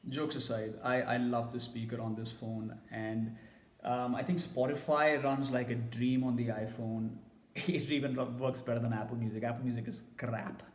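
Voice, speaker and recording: A man's voice: mid-range voice, fairly even intonation, moderate pace, echoey room, long reverb tail, faint music behind. A man giving a casual, blunt and opinionated tech review.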